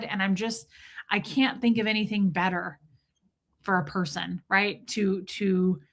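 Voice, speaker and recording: A woman's voice: mid-range voice, bright, forceful tone. A middle-aged woman hosting a casual livestream, chatting confidingly and greeting viewers by name. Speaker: livestream host.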